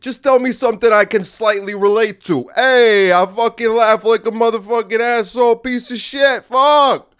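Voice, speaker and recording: Rowdy male heckler type, high-pitched and yelling, played by a podcaster. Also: moderate pace, few pauses, clear, resonant tone. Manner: shouting, crude and raucous. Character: loud rowdy Italian comedy-club fan, man.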